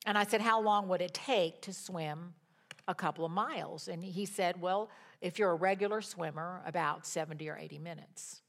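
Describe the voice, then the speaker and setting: A woman preaching a sermon, retelling a scripture story with animated emphasis and pauses. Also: on the low side.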